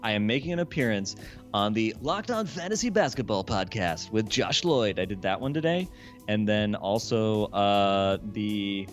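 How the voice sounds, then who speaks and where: A man's voice: lowish voice, lively intonation, normal speed, faint music behind. A man talking as a podcast guest in a casual, rambling way, filling his sentences with "like" and "um". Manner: rambling, heavy use of "like" and fillers. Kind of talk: casual chat.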